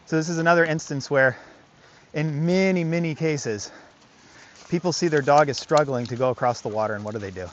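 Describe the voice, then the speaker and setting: A man's voice: a little high, a little fast, lo-fi sound, a little hiss or hum. A man working as a dog trainer, explaining his methods in casual commentary outdoors by a creek, often asking rhetorical questions and adding "right?".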